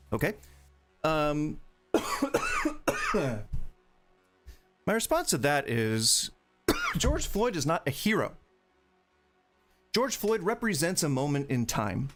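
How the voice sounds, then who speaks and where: Male streamer host, pitch a bit high, swings wide when riled, cusses while ranting, music low behind. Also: fairly bright tone. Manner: ranting, profane, rambling with restarts. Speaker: podcast host. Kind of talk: livestream commentary.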